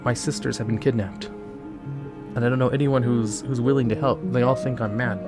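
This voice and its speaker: Fantasy-adventure girl, worried and pleading, read by a male streamer over music, mid-pitched. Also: steady tone, fairly quick, lightly acted. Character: worried young woman seeking help. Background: background music.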